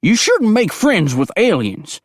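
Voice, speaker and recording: A man's voice: high-pitched, sing-song, measured pace, no room sound, studio quality, voice pushed up, heavily acted. A man voicing a cranky, paranoid old hillbilly who turns into a bear. The figure hollers in a folksy drawl. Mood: hollering, suspicious.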